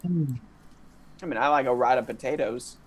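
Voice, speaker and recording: A man's voice: medium pitch, normal speed, noisy background. A man in an improv troupe chatting casually and joking after a scene. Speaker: improv performer. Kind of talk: casual chat.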